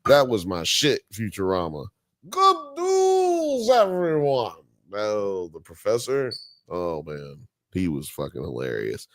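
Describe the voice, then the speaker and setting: A man's voice: deep voice, animated, a little slow, no room sound. A man hosting a podcast live stream, chatting casually in a profane, joking, rambling way. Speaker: podcast host.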